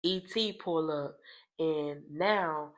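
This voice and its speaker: A young adult woman recapping reality TV in casual, profane gossip with dramatic loud outbursts. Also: low-pitched, drawn-out words.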